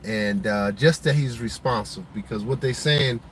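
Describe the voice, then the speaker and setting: A man at an ordinary pitch tells his viewers a deeply personal story. His telling is emotional and heartfelt, full of pauses and restarts. A faint hum of vehicle noise sits behind his voice. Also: poor audio. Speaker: show host.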